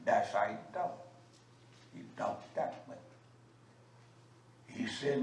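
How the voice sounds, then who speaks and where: A man's voice: on the low side, expressive, slow pace, long pauses. A man giving a fiery religious sermon, emphatic and scolding, with frequent uh fillers. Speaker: religious teacher. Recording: echoey room, mic at a distance, faint background noise.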